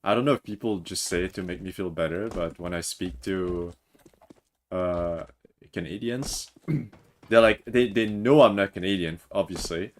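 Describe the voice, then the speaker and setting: A very low-voiced man in his twenties, from Mauritius and a native French speaker, talks casually through a game stream. He reads viewers' messages aloud and chats back between thoughts on the map, with a faint hum of noise behind him. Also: measured pace. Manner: chatty, reads chat aloud and answers it. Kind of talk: casual livestream chat. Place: home room, Toronto.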